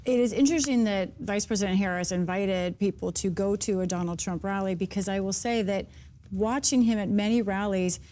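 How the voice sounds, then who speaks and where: A woman's voice: mid-range voice, fairly even intonation, brisk, dark tone, slight background noise. A woman political reporter giving thoughtful panel analysis.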